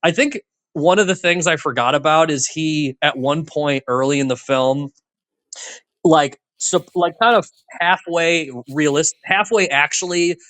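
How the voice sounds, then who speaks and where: A man's voice: on the high side, measured pace, fairly bright tone, dry recording. A man co-hosting a podcast, chatting casually about a movie with lots of filler words. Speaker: podcast co-host.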